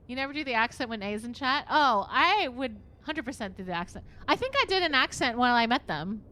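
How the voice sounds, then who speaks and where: A woman's voice: a little high, animated, moderate pace, bright, forceful tone. A young woman streaming a narrative game, reading its text aloud and reacting with frequent giggles.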